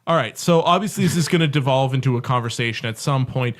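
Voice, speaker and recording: A man from Canada co-hosting a casual podcast chat, voice sitting at an ordinary middle pitch. He rambles, corrects himself mid-sentence, and jokes as he goes. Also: quick pace. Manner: rambling, self-correcting, joking. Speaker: podcast co-host.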